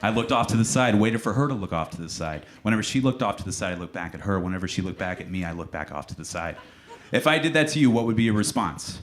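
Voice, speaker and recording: Deadpan young male stand-up comic. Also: fairly low pitch, fast talker, slight background noise. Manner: dry, deadpan delivery that sinks into mock-solemn quiet. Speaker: stand-up comedian. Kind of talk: stand-up comedy set. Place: comedy club stage.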